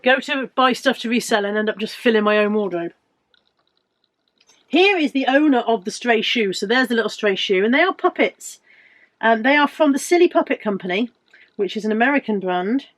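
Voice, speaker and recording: A woman in her fifties with a British accent, chatting casually and joking at her own expense as she shows off her finds. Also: fairly high pitch. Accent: British English. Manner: chatty, self-mocking humour. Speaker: reseller vlogger. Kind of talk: casual chat.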